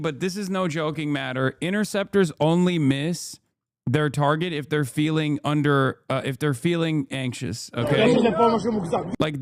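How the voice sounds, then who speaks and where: A man's voice: a little high, no echo. A man in his thirties doing live political commentary as a streamer, sarcastic and profane, ranting on a close mic.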